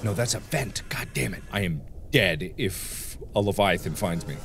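Animated man yelping through gameplay commentary. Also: deep voice, unhurried, soft background music. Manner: jokey, swears a lot, yelps in surprise, chats to game creatures. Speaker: let's play host.

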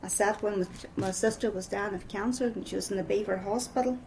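A woman's voice: mid-range voice, steady tone, brisk, darkish tone, a little hiss or hum, rough recording. A middle-aged woman with a Northern Irish accent giving a personal testimony, telling her story with many repeated "I says".

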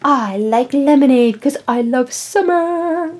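A sunny little snowman toy , played by a woman, chirps the same happy line over and over in a toy play story. The voice is high and sing-song, drawn out slowly. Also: expressive, mellow. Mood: giddy. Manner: sing-song, repeats itself.

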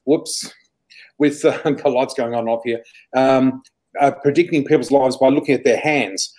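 A man, a psychic guest telling lively anecdotes, laughing often and acting out what people said. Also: mid-range voice, normal speed, slight background noise. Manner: animated, laughs often, acts out quoted dialogue. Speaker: psychic flower reader, interview guest. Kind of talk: storytelling anecdote.

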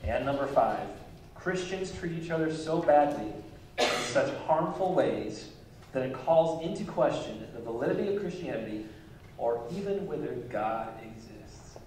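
A man's voice: medium pitch, expressive, unhurried, a little mellow, slight background noise. A man preaching a sermon as pastor, conversational and easygoing, with light chuckles between his points. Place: church sanctuary. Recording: echoey church hall from far off mic.

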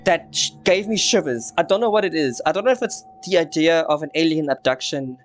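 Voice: mid-range voice, animated, brisk, soft background music. A channel host giving jumpy, nervous let's-play commentary on a horror game, repeating phrases when scared.

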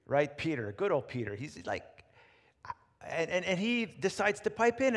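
A male pastor preaching a sermon, telling a story with animated retelling and frequent restarts. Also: fairly high pitch, measured pace, pauses often. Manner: animated storytelling, rephrasing as he goes. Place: church sanctuary. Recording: reverberant church hall.

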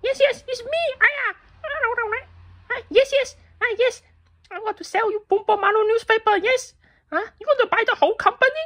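Woman doing Aya, a high-pitched pushy tengu saleswoman. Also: fairly quick, fairly bright tone. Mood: pushy, eager. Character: pushy female crow tengu newspaper seller. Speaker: phone salesperson. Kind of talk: comedic phone call skit.

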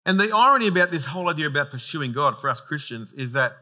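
A man preaching a sermon as pastor, animated and conversational, often restarting and repeating words. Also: on the high side, quick pace.

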